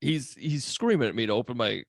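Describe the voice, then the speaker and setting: Casual podcast co-host, male, animated storyteller, gravelly voice, dry close mic. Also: mid-range voice, a little fast, no room sound. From Long Island, New York. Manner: animated storytelling with loud shouted impressions. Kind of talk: casual chat about a film.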